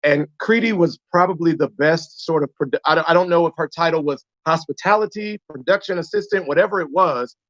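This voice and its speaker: Man from the united states, high voice, dry dull lo-fi sound, animated storyteller. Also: a little fast, hardly any pauses, dry recording. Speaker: actor guest. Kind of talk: casual chat on a live stream.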